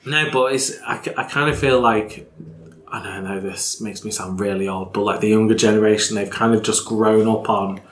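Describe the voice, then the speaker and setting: A man's voice: lowish voice, steady tone, moderate pace, slight background noise. A man hosting a podcast in casual chat, rambling with lots of fillers. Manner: chatty, rambling with many fillers. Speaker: podcast host. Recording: echoey room.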